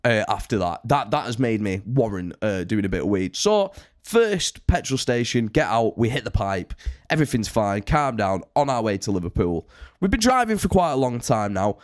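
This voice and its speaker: A man's voice: on the low side, normal speed, dry recording, clean studio sound. Sweary guy spinning a yarn. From United Kingdom. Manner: animated, sweary, rambling. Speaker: touring band musician telling a story. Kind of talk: casual podcast storytelling.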